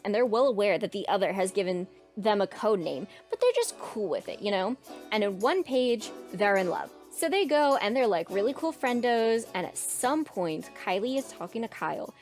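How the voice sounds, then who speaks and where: A woman's voice: medium pitch, darkish tone. A woman in her twenties recounting her old character's story in a casual vlog, sarcastic and rambling with lots of "like".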